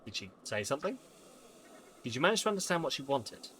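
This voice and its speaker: A man on a live stream playing a game, reading its dialogue aloud and thinking out loud, with lively delivery. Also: medium pitch, fast, slight background noise.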